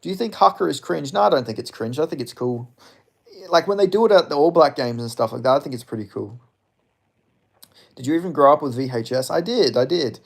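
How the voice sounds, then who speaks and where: A man in his twenties chats casually with his live-stream audience, rambling, swearing, and laughing often as he reads chat. His voice is fairly high with lively intonation, a little fast, with vocal fry and a breathy edge.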